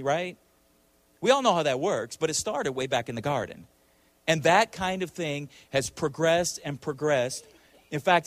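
A man's voice: a little high, no echo. A male preacher delivering a sermon emphatically, with frequent rhetorical questions and repeated words.

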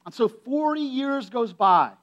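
A man's voice: very high voice, lively intonation, unhurried, a bit bright, highs cut off. A man, a pastor, delivering a sermon in a conversational but emphatic way, often repeating phrases for effect. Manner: conversational, emphatic preaching with repetition.

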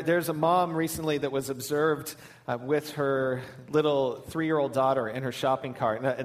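Pastor guy preaching, telling a funny story, voice on the higher side. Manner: warm storytelling with humor. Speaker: lead pastor. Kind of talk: sermon.

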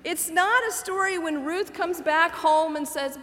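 A woman's voice: extremely high pitch, normal speed, hardly any pauses, fairly bright tone. A woman in her forties giving a conversational sermon, laughing at her own asides. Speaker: preacher. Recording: echoey hall reverb.

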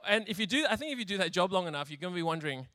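Bright, chatty man preaching with humor. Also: sits high, expressive, racing, no room sound. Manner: chatty, laughs often, acts out scenes. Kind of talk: humorous sermon storytelling.

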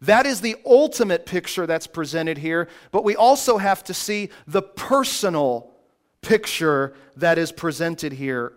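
A man preaching a sermon, slow and emphatic, with dramatic pauses. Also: fairly high pitch, lively intonation. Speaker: pastor.

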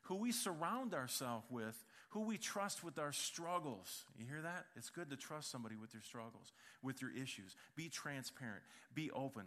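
A middle-aged man preaching a sermon, telling funny family stories in an animated, joking way. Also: mid-range voice, normal speed, hardly any pauses. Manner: animated storytelling with humor. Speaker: pastor.

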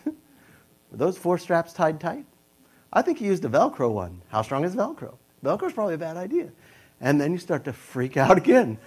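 A young man telling a personal story in a casual, animated way, jumping into a high, panicky voice when quoting his own thoughts. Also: normal speed, husky.

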